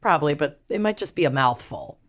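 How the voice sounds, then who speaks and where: A woman's voice: low voice, expressive, a little fast. A woman co-hosting a casual podcast, joking and playful, sounding tired. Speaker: podcast co-host. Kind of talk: casual chat.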